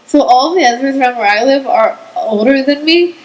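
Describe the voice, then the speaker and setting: Teen girl cohost, high-ish voice, tells stories fast and lively, lots of "like". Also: noisy background. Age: teens. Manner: lively storyteller, acts out quotes, says "like" a lot. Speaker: podcast co-host. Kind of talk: casual chat.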